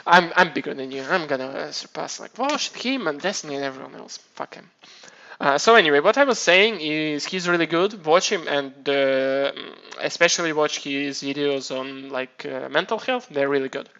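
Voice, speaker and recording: A man's voice: a little high, bright, forceful tone, highs cut off. A man casually chatting on his live stream, rambling and swearing, often restarting his sentences. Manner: rambling, profane, self-mocking, many restarts.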